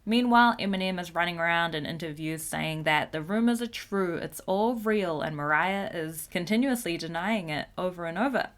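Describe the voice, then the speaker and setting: A woman's voice: on the low side, moderate pace, few pauses, a bit bright. A woman hosting a casual pop-culture commentary show, chatty and giggly, swearing now and then. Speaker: host.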